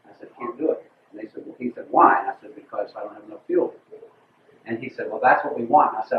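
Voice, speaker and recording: An older retired officer tells a blunt, dry war story to a squadron. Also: male voice, mid-range voice, a little fast. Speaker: retired Air Force colonel recounting a mission. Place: large room with an audience. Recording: distant, roomy, phone-like with faint noise.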